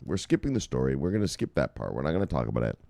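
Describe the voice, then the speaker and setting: A man hosting a crypto news vlog in loud, profane, boisterous casual commentary, laughing often. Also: rumbling low, big pitch swings, very fast, gravelly, no echo.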